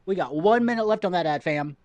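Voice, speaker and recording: Man, casual game streamer, rambles and repeats himself, slightly high voice, dry close sound. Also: expressive, brisk, a little mellow, no echo, dull audio. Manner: rambling, repeats himself, talks to chat as "fam". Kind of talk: casual live-stream chat. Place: at home.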